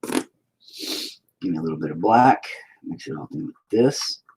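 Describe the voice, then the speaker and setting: A man's voice: fairly low pitch, very animated, a little slow, vocal fry, a little mellow, husky, low-quality recording. Rambling foul-mouthed man painting. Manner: crude, rambling, jokey, swears a lot. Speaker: painter streaming his work. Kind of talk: casual painting chat.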